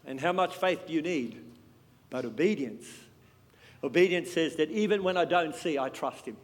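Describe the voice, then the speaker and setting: A man preaching a sermon with passion, swinging between loud and hushed. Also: a little high, expressive, moderate pace. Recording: long hall reverb.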